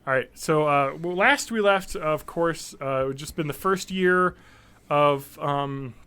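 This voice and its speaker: Sardonic high-voiced man hosting a podcast. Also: a little slow, sharp tone, smooth. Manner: sardonic, reads news stories aloud with jokes. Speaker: podcast co-host. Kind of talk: casual podcast chat.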